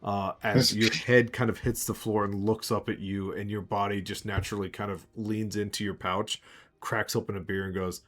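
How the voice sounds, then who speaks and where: A man's voice: fairly low pitch, little pitch movement, moderate pace, a bit bright. A man narrating as game master of a tabletop game, loose and full of fillers, chuckling often.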